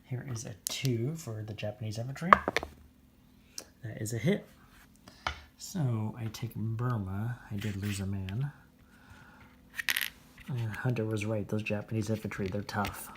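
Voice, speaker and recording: A man's voice: lowish voice, a little slow, long pauses, heavy background noise. A man narrating his own turn in a tabletop strategy game, methodically counting out moves and dice rolls as he goes. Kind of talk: casual tabletop game commentary.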